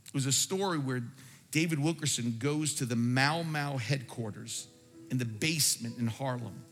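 A man's voice: mid-range voice, moderate pace, fairly bright tone. A man preaching a sermon, telling a story with fervent, emphatic delivery. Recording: reverberant hall with faint music.

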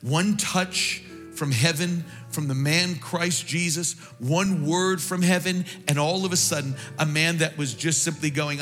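A man's voice: a little high, unhurried, a bit bright, long reverb tail, faint music behind. A man pastor preaching a sermon with impassioned delivery that swells toward near-singing peaks.

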